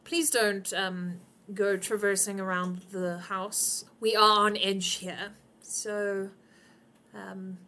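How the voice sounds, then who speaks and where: A stiff, haughty butler played by a woman talks in formal, clipped sentences with open disdain. The voice is bright and forceful, and the delivery is measured in a tabletop game. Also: mid-range voice, little pitch movement.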